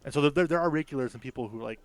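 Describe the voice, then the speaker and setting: A man's voice: medium pitch, rapid-fire. A man in a casual podcast chat, eager and rambling, stumbling over repeated words. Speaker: podcast panelist.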